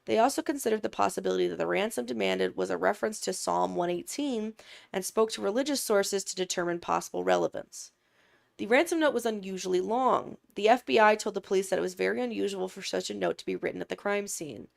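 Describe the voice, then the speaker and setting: A woman's voice: mid-range voice, fast, vocal fry. A woman co-hosting a podcast, steadily reading a true crime script with self-conscious asides. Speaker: podcast co-host.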